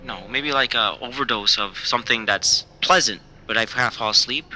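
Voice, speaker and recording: Man voicing a young male comedian caller, clueless, stammering, rambling, very bright sharp tone, audio drama. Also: mid-range voice, moderate pace, poor audio. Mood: pleading.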